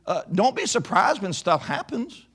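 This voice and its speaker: A male pastor preaching a sermon in an animated way, slowing down to stress his points. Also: sits high, breathy edge.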